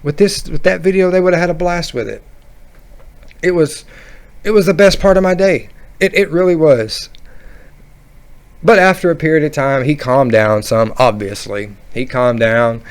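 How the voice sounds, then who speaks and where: A man telling a funny roller coaster story in a casual, rambling, animated way. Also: on the high side, moderate pace, long pauses, smooth. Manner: rambling, animated, laughing at his own story. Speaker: vlogger.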